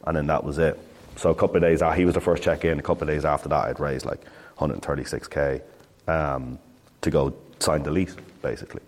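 A man's voice: rumbling low, fairly even intonation, a little fast, big-room sound. A man in his thirties, a startup founder telling his story in a casual, rambling interview chat full of swearing.

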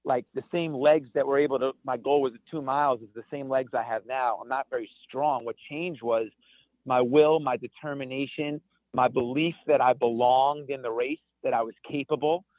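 A man's voice: medium pitch, moderate pace, dry recording. Man with a tinny phone-line voice. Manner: energetic storyteller, many restarts. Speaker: guest, ultrarunner. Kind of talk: conversational interview. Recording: tinny phone-like dry sound.

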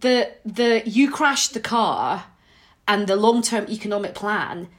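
A woman's voice: mid-range voice, a little slow. A woman in casual chat, telling stories with lots of laughter and shrieks when amused. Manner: animated storyteller, laughs often, squeals when amused. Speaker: podcast guest.

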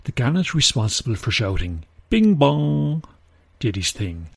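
A man narrating a children's storybook in an even, gentle manner. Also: on the low side, fairly quick, slightly rough, no echo, studio quality.

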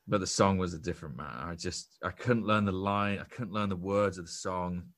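A man's voice: low-pitched, a little fast. A young man, a podcast guest and actor, telling a self-deprecating story in casual chat with frequent restarts.

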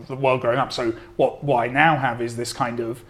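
A man's voice: medium pitch, flat delivery, brisk, a bit bright. A man with a mildly posh southern English accent, a guest in a casual podcast conversation, talking in a self-deprecating way with many restarts. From southern England. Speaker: game writer, guest.

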